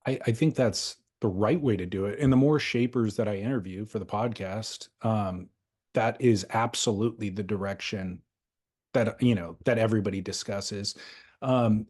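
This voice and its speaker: A man's voice: fairly low pitch, moderate pace, darkish tone. A man hosting a podcast, chatting casually about surfboards in a loose, rambling, thoughtful way with restarts. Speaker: podcast host. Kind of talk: casual chat.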